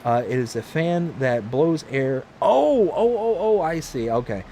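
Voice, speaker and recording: Man, gaming livestream host, reads chat aloud, upbeat and friendly, slightly high voice, faint background hiss. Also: big pitch swings, unhurried, warm tone. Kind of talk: casual livestream chat reading comments. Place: home room, mostly packed up.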